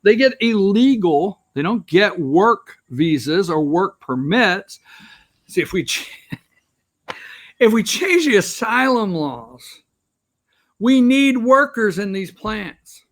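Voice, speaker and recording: A man's voice: high voice, very animated, takes it slowly. A man hosting a political opinion show, talking straight to viewers in a rambling, sarcastic way. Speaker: political talk show host. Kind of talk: opinionated commentary.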